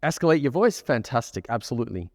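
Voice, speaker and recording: A man coaching a live group of students, keeping the session energetic and often checking that the room follows him. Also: mid-range voice, fast talker, no room sound, clean studio sound, long reverb tail. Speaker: dating coach. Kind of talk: live workshop teaching to a group. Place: room with a live audience, on stage.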